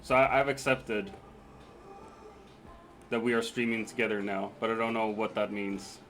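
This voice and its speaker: A man's voice: fairly low pitch, little pitch movement, normal speed, fairly bright tone, faint music behind. A man streaming a game, chatting casually, joking, swearing and laughing easily with friends. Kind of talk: casual chat while gaming on stream.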